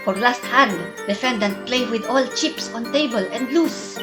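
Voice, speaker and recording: Woman doing a russian waitress girl, put-on accent, choppy broken english, a bit high, music under it. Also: natural voice. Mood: flat, testifying. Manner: halting broken English, clipped phrases.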